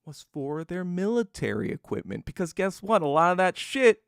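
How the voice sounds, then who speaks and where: A man's voice: sits high, very animated, normal speed, vocal fry, clear, resonant tone, no echo, clean studio sound. A man hosting a podcast, telling history in a loose, casual monologue full of swearing and acted-out quotes. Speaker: podcast host.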